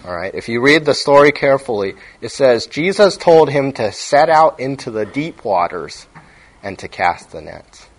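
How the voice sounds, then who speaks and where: A man's voice: mid-range voice, sing-song, moderate pace, rough recording. A man giving a sermon in a conversational teaching manner, often checking in with his listeners. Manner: conversational, frequent "right?" check-ins. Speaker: preacher.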